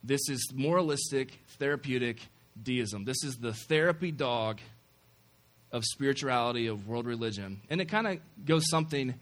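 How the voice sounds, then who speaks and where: A man's voice: medium pitch, moderate pace, fairly bright tone. A man giving a casual, joking sermon to a campus group after an opening prayer. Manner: conversational and joking, self-deprecating asides. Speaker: campus ministry speaker.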